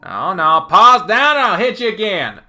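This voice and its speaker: A man playing a jittery little animal-man thief who lashes out in a shrill, tense voice. His high-pitched laugh and excited threats carry a hard, sharp edge. The pitch jumps well above a normal speaking voice. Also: moderate pace, soft background music, exaggerated voice. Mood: threatening. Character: sneaky small male animal-man mugger, jittery.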